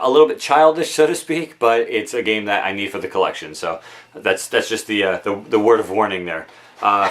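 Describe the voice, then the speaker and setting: Man, somewhat low voice, casual show-and-tell vlog, relaxed, rambling, lots of ums and uhs, home game room, camera mic. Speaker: video game collector vlogger.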